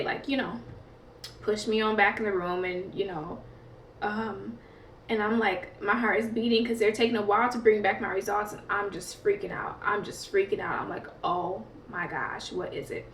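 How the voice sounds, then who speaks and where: A woman's voice: medium pitch, steady tone, moderate pace, distant mic, a little hiss or hum. A woman vlogger telling a personal story in a chatty, casual way, peppered with fillers. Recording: roomy, set back from the mic.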